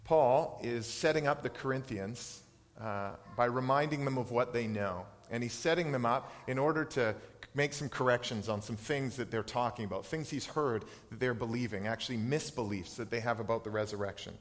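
A man's voice: mid-range voice, moderate pace. A man in his thirties preaching a sermon as pastor, earnest, personal and reflective. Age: 30s. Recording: long hall reverb.

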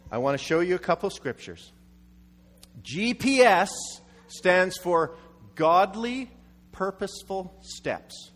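A man's voice: high voice, expressive, slow pace, a bit bright. A man preaching a sermon, telling a story animatedly and acting out quotes. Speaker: pastor. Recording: echoey hall.

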